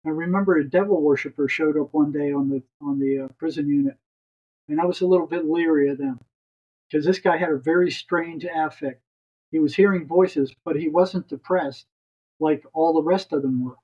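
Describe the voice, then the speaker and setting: Older man with a husky, slightly high voice. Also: normal speed, a little mellow, dull audio. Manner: rambling, repeats words as he restarts. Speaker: guest, retired psychotherapist. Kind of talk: long storytelling anecdote.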